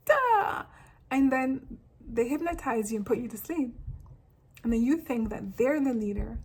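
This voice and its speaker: A woman from Africa talking straight to camera in a casual, animated monologue, full of rambling asides. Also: fairly high pitch, breathy edge, poor audio. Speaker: vlogger.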